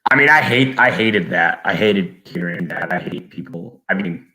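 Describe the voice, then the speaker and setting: A man's voice: sits low, expressive, normal speed, a crowd in the background. A man on a live podcast over a video call, rambling and often restarting his sentences. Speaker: podcast guest. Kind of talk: casual live podcast chat.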